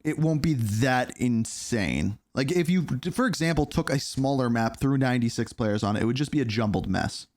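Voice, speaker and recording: A man's voice: mid-range voice, lively intonation, moderate pace, hardly any pauses, a little mellow. A man hosting a gaming reaction video who talks in a casual, unscripted way. He rambles through his thoughts, full of filler. He keeps breaking in with questions. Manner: loose, rambling, questioning asides.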